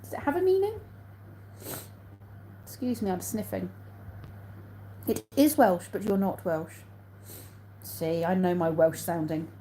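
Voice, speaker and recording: A woman's voice: on the low side, sing-song, moderate pace, mellow, a little hiss or hum, rough recording. An English woman hosting a casual live stream on her phone, reading out viewer comments, answering them and laughing often. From England.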